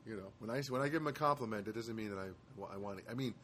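A man's voice: lowish voice, fast, a bit bright, a little hiss or hum. A man hosting his own show from a studio apartment, telling stories in a rambling casual monologue with wry asides and many hesitations.

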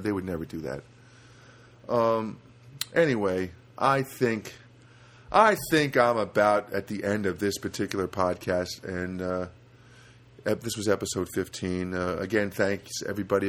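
A man's voice: on the low side, fairly bright tone, slightly rough. A man from New Jersey hosting a solo podcast from a studio apartment, rambling casually with many fillers and restarts. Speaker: podcast host.

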